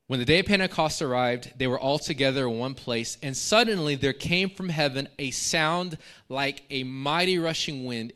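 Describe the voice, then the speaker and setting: A man preaching a sermon, reading scripture aloud and adding lively asides and prompts to the congregation. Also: medium pitch. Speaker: pastor.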